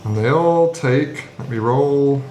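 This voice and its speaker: A man playing a tabletop game, describing his turn in a brisk, matter-of-fact way. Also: mid-range voice, mellow, faint music behind. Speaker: player. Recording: echoey room with faint noise.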